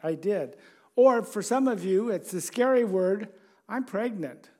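A man's voice: high-pitched, expressive, measured pace, mellow. A man preaching a sermon in a conversational way, chuckling and asking the congregation questions.

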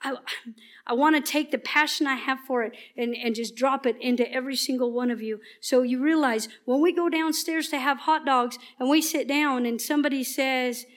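A woman giving a passionate, emphatic sermon at church that often turns soft and earnest. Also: sits high, moderate pace. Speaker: church speaker.

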